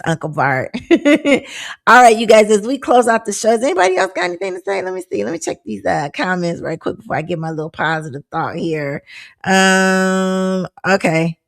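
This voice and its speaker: A woman's voice: mid-range voice, animated, brisk, gravelly. A woman hosting a live-streamed talk show, chatting loosely and reading out viewer comments with frequent laughs and exclamations.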